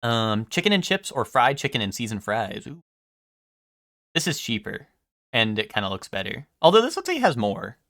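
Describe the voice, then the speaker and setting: A young man streaming live and chatting casually with his viewers, rambling, swearing freely and filling pauses with "um". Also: medium pitch, very animated, creaky, fairly bright tone, no echo, studio quality. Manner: rambling, swears a lot, full of ums.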